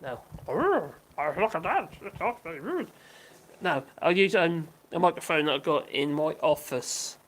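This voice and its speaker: Her voice is deep and a little slow, with big pitch swings: an older woman casually hosting a livestream. She reads viewer comments out loud and rambles, punctuated by frequent giggles and restarts.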